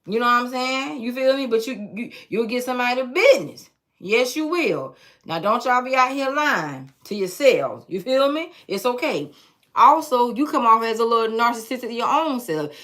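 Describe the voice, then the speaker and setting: A woman's voice: fairly high pitch, a bit bright. Sassy, blunt woman reading tarot. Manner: blunt, sassy, profane, teasing asides. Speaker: tarot reader. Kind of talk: casual tarot reading to viewers.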